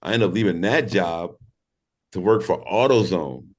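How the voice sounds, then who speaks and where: A very deep-voiced man from St. Louis, Missouri, talking as a podcast guest. He tells his stories in a loose, laid-back way, swears freely and laughs as he goes. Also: normal speed, a little mellow. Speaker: podcast guest, former pro skateboarder. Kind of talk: casual storytelling interview.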